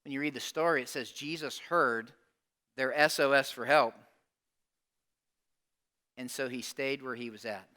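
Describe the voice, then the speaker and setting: A man preaching a sermon as casual storytelling, shifting between loud exclamations and hushed asides. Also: medium pitch, a little slow, long pauses. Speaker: pastor.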